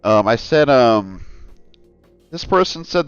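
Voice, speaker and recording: A man's voice: mid-range voice, normal speed, clean tone, no room sound, muffled recording, faint music behind. A man hosting a casual commentary vlog, talking in a rambling, earnest way and often calling his viewers "guys.". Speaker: channel host.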